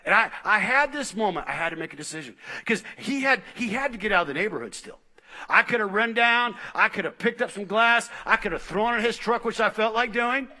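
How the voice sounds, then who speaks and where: A middle-aged male pastor preaching a sermon in a very bright, ringing voice that sits a little high. He tells stories with laughs and swings between lively, raised passages and quiet, hushed asides. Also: brisk. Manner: animated storytelling with laughs and sudden quiet asides.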